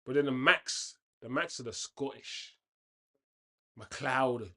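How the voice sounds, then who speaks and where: Casting note: male streamer, casual live match chat, rambling asides, sudden loud outbursts at the game, mid-pitched everyday voice. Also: slow pace. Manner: chatty, reacts loudly to the game, rambling tangents. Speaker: host of a football watchalong.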